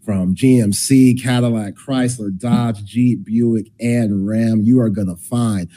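Middle-aged guy cohosting sports talk, dark mellow voice, laid back and chatty. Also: on the low side, slow. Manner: relaxed, chatty, reads ad copy loosely. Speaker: co-host.

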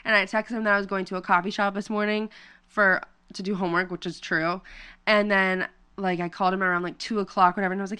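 A woman's voice: medium pitch, level tone, fast talker, sharp tone, smooth. A young woman co-hosting a casual chat, telling stories in a chatty way full of "like". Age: young adult. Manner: chatty storyteller, heavy use of "like". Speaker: podcast co-host.

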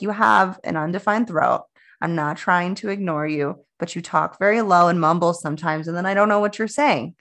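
A woman's voice: fairly low pitch, fairly quick, a bit bright. A woman in her thirties co-hosting a casual spiritual podcast, talking in a chatty, rambling way with restarts and laughs. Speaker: podcast co-host.

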